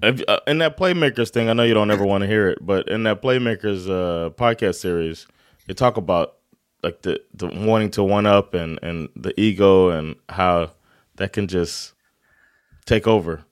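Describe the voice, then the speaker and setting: Man, sports podcast co-host, fairly low voice, easygoing, dry close mic. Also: normal speed, no echo. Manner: laid-back, chuckling, brief agreeing replies. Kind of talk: casual sports talk.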